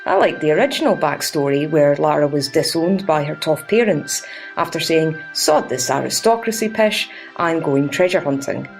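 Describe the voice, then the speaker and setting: A woman's voice: low-pitched, gravelly, a little mellow. A young Scottish woman narrating a scripted video game review in a sarcastic, crude and cheeky way.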